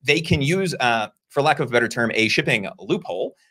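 A man co-hosting a casual discussion show, explaining points in a conversational way with quick asides. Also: mid-range voice, lively intonation, bright, forceful tone. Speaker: podcast co-host.

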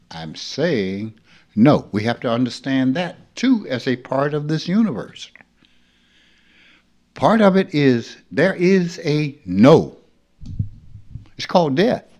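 A man in his seventies from rural Mississippi, giving an earnest, reflective spiritual talk as a teacher who sometimes drops to a near-hush. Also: medium pitch, lively intonation, slow. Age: 70s.

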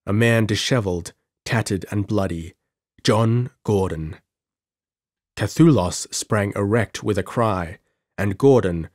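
A man narrating a pulp adventure story in an audiobook with measured, dramatic delivery. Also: lowish voice, darkish tone, no room sound, clean studio sound.

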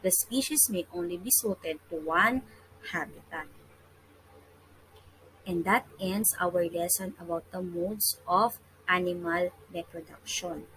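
A woman with a Filipino accent reading a science lesson aloud as a teacher, steady and measured, with occasional restarts. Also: on the low side, slight background noise, rough recording.

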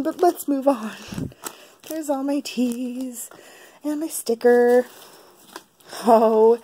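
A woman's voice: high-pitched, drawn-out words, long pauses, mellow. A young woman vlogging a casual unboxing at home, laughing often and swearing freely, recorded on a camera on a tripod. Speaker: book vlogger.

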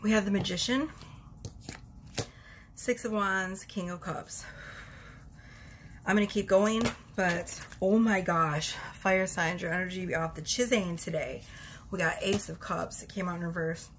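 A woman tarot reader talking casually to the camera from her bedroom, chatty and quick to laugh as she pulls cards. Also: fairly low pitch, steady tone, slight background noise. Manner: chatty, laughs often, talks straight to viewers. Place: bedroom at home.

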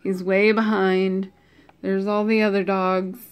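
A woman reading a children's picture book aloud, gentle and expressive with playful asides to young listeners. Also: medium pitch, takes it slowly, slight background noise. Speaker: storybook reader.

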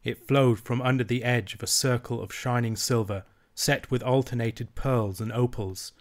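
A man reading a classic children's novel aloud in a measured, even narrating voice. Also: mid-range voice. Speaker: audiobook reader.

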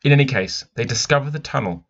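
A man's voice: medium pitch, lively intonation, fast talker, fairly bright tone, slightly rough. A man talking through a picture book as a teacher, musing and thoughtful as he reads and comments. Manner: thoughtful, musing, with frequent restarts. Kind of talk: read-aloud book analysis. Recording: dull lo-fi recording.

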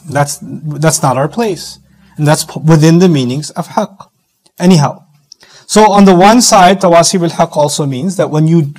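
A middle-aged man giving a sermon-style lecture, animated, acting out quoted voices as he teaches. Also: sits high, rough recording. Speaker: Islamic speaker.

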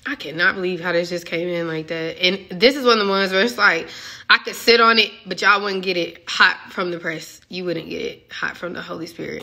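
A woman's voice: lowish voice, pushed and bright. A young woman giving a casual, emotional spiritual message reading as a love coach. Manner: emotional, musing, conversational.

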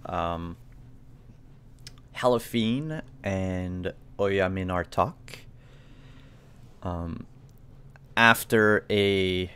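A man acting as game master, introducing the players of an online tabletop game in an easygoing, unhurried way over a video call. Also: lowish voice, fairly bright tone, clear, resonant tone.

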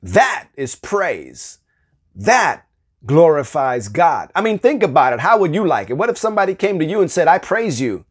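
A man giving a conversational devotional Bible teaching, animated and acting out everyday dialogue. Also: fairly high pitch, moderate pace, slightly rough. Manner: animated, acts out everyday dialogue with light laughter.

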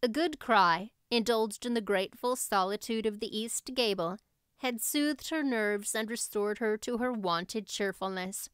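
A woman reading a classic novel aloud as an audiobook narrator, steady and expressive. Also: medium pitch, a little slow, clear, resonant tone, dry recording, studio quality.

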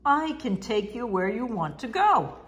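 A woman's voice: a little high, big pitch swings, measured pace, slight background noise. A merry bus who is sure he is as good as any train, his voice rising and falling in a sing-song way. He takes his time over each word, like a picture-book character, voiced by a woman reading aloud. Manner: merry, boastful. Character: merry, boastful male bus. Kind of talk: storybook read-aloud.

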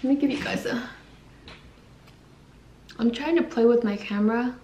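In a low-quality, echoey recording with a little hiss or hum, a young woman with a darkish, higher-pitched voice eats and chats in a mukbang at home. The room is quiet; her talk rambles, she corrects herself along the way, and she mentions talking fast.

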